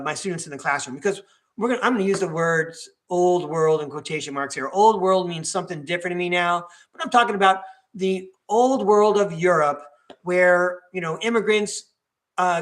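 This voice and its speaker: A man's voice: high voice, sharp tone. A middle-aged man from New York telling a rambling story on his podcast, with chuckles and fillers. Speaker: podcast host. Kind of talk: casual storytelling monologue.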